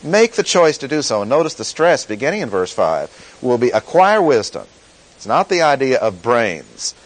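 A man teaching through a Bible passage in a sermon, deliberate and emphatic, repeating key phrases. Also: medium pitch, very animated, rough recording. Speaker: pastor teaching.

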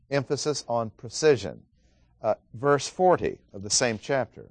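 A male Bible teacher lectures in a measured, emphatic way, leaning on key words as he reads passages aloud. His voice sits at an ordinary middle pitch and is recorded close and dry, with no room sound. Small "uh" fillers break up his explanations. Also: lively intonation, no echo. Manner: frequent "uh" fillers.

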